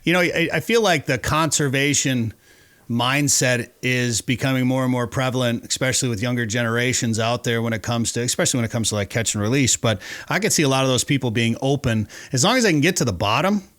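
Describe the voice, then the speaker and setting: A man's voice: medium pitch, fast talker, a bit bright, dry recording. Fishing show host guy, chatty rambling stories, mid voice, dry close sound. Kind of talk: casual interview chat.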